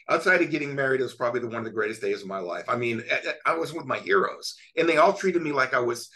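Guest storyteller, middle-aged man, animated and rambling, mid-range voice. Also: medium pitch. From California. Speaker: guest, sports photographer. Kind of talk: casual storytelling chat.

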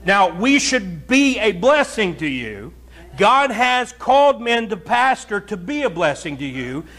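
A man's voice: high voice, very animated, unhurried, fairly bright tone. A pastor preaching a conversational, folksy sermon to his congregation, chatting with listeners and then building to emphatic, raised points.

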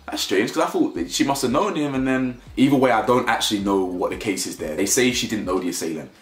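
A man giving casual opinion commentary, animated and rambling, often restarting and repeating himself. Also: mid-range voice, fast talker, reverberant. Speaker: commentary YouTuber.

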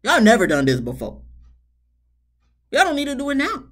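A woman's voice: high-pitched, huge pitch swings, moderate pace, a bit bright. A woman giving a casual, sarcastic review of a TV episode, talking straight to her viewers and laughing between remarks. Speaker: TV show reviewer. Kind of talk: casual commentary vlog.

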